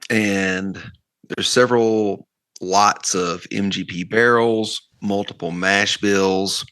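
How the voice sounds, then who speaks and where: A man's voice: on the low side, slow, no echo. A man co-hosting a podcast, telling stories in a casual chat and acting out the lines of the people he quotes. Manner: animated, acts out quoted dialogue. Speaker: podcast co-host.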